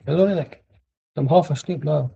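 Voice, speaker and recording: A young man talks his way through a live football match for his stream, wandering off into jokes and asides. His voice sits a touch high for a man. It has a gravelly, husky edge and a dark, mellow tone. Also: a little fast, no room sound, highs cut off. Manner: rambling, joking banter with asides. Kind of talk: casual live match commentary.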